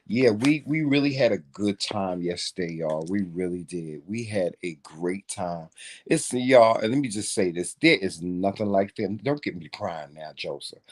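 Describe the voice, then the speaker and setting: A man's voice: deep voice, a little mellow. A man co-hosting a casual morning chat vlog, talking freely and calling listeners "child" and "y'all". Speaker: vlog co-host.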